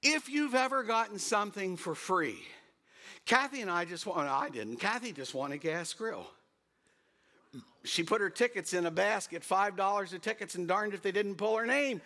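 A middle-aged pastor speaks at normal speed in a voice that sits high. His sermon is full of stories, hummed tunes, and animated bursts of volume for emphasis.

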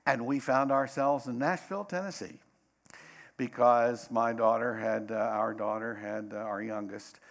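A middle-aged man preaching a sermon, dramatic, swinging between loud bursts and hushed asides. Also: mid-range voice, fairly even intonation, measured pace.

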